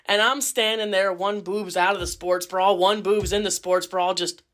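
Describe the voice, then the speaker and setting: A woman caregiver telling a story in a casual, lively and cheeky way, cussing freely. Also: medium pitch, moderate pace.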